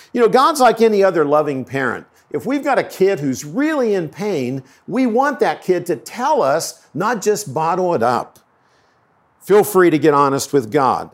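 Earnest male pastor preaching conversationally. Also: on the high side. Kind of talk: sermon.

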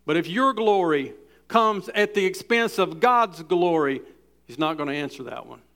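A man preaching a sermon, reading quotes with dramatic weight and building from quiet asides to loud, emphatic preaching. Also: high-pitched, expressive, moderate pace. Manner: reads scripture and quotes aloud with dramatic weight. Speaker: pastor.

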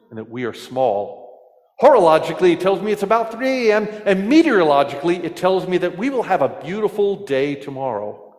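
A man preaching in a church, telling jokes with a lively storyteller's delivery. His voice sits fairly high for a man, and the sound rings with a long hall reverb. He turns to the congregation with questions. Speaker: pastor. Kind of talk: sermon with jokes.

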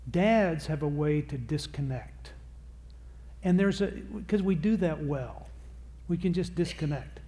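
Middle-aged guy giving a seminar talk, kinda high voice, jokey and loose, plays out little quotes. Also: measured pace, mellow. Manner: conversational, self-deprecating, acts out quotes. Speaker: seminar speaker on parenting. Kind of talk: live seminar talk to an audience. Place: church or seminar hall with audience.

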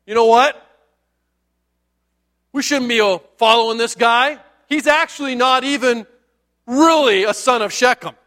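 A man's voice: high voice, animated, unhurried, long pauses, full character voice. A man voicing a boastful, drunken man who talks big about taking down a ruler. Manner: loud, brash bragging.

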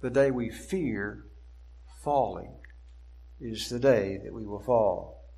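A man preaching an expository sermon, deliberate and emphatic, slowing down to stress key words. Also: lowish voice, gravelly, mellow.

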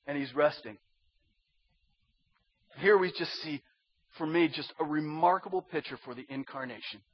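A man preaching a sermon as a pastor, dropping to a hush and rising to loud pleading. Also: a little high, moderate pace, husky, no echo, dull audio. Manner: swings from hushed to loud pleading.

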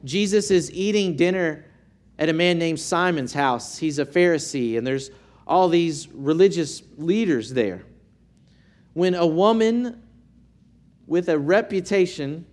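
A man delivers a sermon in an unhurried, deliberate way, letting each phrase land. His voice sits a little high for a man, and he leans on rhetorical questions to draw his listeners in. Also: a little mellow. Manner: earnest, measured preaching with rhetorical questions. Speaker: pastor.

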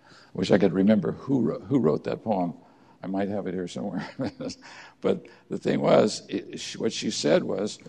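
A man preaching a sermon in church, earnest, with emphatic rises and quiet drops. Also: on the low side, vocal fry, husky. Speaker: pastor.

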